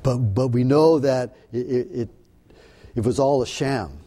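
A man's voice: mid-range voice, mellow. A man preaching a Bible teaching in an earnest, explanatory way, often restarting his sentences. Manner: earnest, halting with repeated restarts. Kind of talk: sermon-style Bible teaching.

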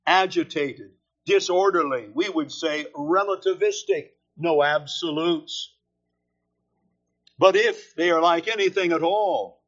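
Slow, deliberate male preacher. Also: fairly high pitch, fairly bright tone. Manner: slow, deliberate, emphatic phrasing. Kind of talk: expository sermon. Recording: dull lo-fi sermon recording.

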